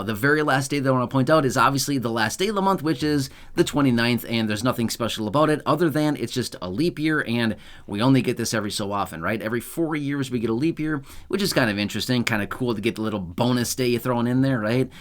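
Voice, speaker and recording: A man's voice: medium pitch, fast talker, fairly bright tone. Guy doing a casual explainer, chatty, keeps asking "okay? right?", bit sarcastic. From United States. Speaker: channel host.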